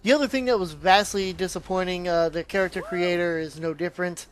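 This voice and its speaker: A man's voice: high-pitched, brisk, slight background noise. A man giving a casual, rambling spoken review of a video game, often trailing off and restarting his sentences.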